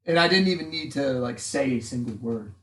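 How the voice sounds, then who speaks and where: A man's voice: mid-range voice, animated, brisk, a bit bright. Playful man in an echoey room. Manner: playful, slips into character speeches. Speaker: player. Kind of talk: casual tabletop role-play.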